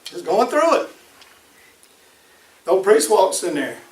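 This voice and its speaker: A man's voice: high voice, big pitch swings, a little slow, far from the mic. A man preaching a sermon, emphatic and repeating his key phrases. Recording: echoey room, voice from off-mic.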